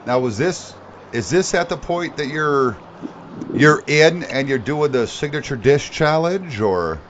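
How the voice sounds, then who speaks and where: A man's voice: on the high side, lively intonation, unhurried, muffled recording, slight background noise. A male podcast host asking eager, enthusiastic questions in a casual interview.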